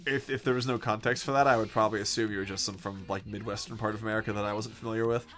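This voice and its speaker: A man's voice: lowish voice, fairly even intonation, rapid-fire, fairly bright tone, soft background music. A man chatting casually with friends, teasing them and swearing offhandedly. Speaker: chat participant. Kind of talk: casual chat.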